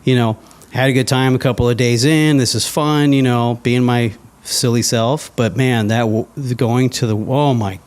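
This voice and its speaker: A man, likely in his twenties, sharing his faith story in a relaxed interview, acting out his own past thoughts in lively quoted asides. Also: mid-range voice, moderate pace, smooth. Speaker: guest sharing his testimony. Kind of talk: casual conversational interview.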